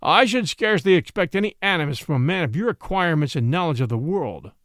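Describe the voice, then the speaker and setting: A man's voice: a little high, expressive, fast, fairly bright tone, dry recording, clean studio sound. A man voicing a flustered, corrupt middle-aged judge who speaks in a quavering, nervous way. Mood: placating.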